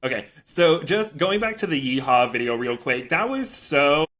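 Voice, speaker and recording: A man's voice: fairly high pitch, big pitch swings, normal speed, a bit bright. A man co-hosting a podcast who explains his thoughts in casual chat, often restarting his sentences. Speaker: podcast co-host.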